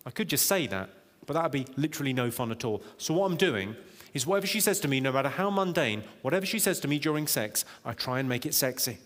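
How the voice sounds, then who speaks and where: A man doing live stand-up comedy in a large auditorium, deadpan and teasing the crowd. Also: a little high, fast talker. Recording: echoey live hall, loud audience laughter. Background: audience laughter.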